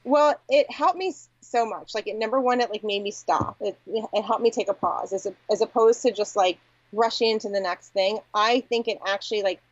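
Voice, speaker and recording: A woman's voice: medium pitch, brisk, dry recording. A woman talks candidly and reflectively as an interview guest, her speech filled with "like" and "you know". The recording is dry and close, with a slightly dull, muffled tone. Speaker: agency founder, podcast guest. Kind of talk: conversational interview.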